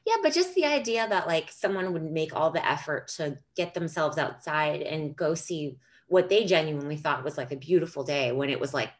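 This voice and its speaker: A woman in casual chat, telling stories in a loose, animated way, laughing often and swearing freely. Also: deep voice, moderate pace, hardly any pauses.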